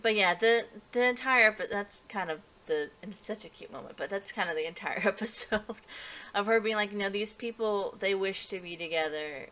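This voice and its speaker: Bright-toned woman rambling through a review. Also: medium pitch, fairly quick. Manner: rambling, with frequent restarts and light laughs. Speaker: anime reviewer. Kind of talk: casual episode review.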